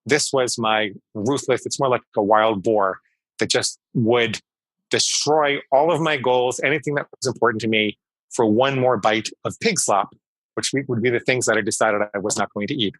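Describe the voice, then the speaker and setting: A man's voice: medium pitch, fairly bright tone, no room sound, low-quality recording. A man in his fifties, a psychologist guest in an interview, explaining things emphatically and repeating key phrases. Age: 50s. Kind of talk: conversational interview storytelling.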